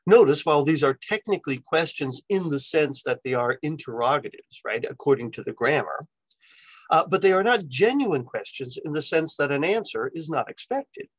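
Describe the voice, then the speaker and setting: A man lecturing in a relaxed, conversational way, checking in with his listeners by tacking "right?" onto his points. His voice sits in a middle pitch, and the recording is dry and close. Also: no echo, rough recording. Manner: conversational, often adds "right?" as a tag. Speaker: university lecturer.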